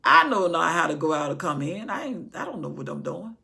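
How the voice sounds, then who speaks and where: A woman's voice: low voice, very animated, a little fast, creaky, sharp tone, heavily acted. A woman voicing a humble, overwhelmed young king pleading heartfelt with his god.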